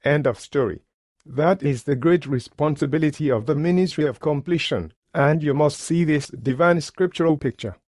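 A man's voice: fairly high pitch, normal speed, darkish tone, no echo. Emphatic male preacher, dry sound. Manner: emphatic, declamatory scripture preaching. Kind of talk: sermon.

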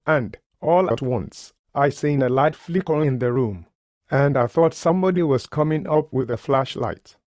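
A man's voice: mid-range voice, moderate pace, darkish tone, no room sound. Male preacher, earnest storyteller, mid-range voice, dry close sound. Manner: earnest, plain-spoken, colloquial grammar. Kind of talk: sermon testimony storytelling.

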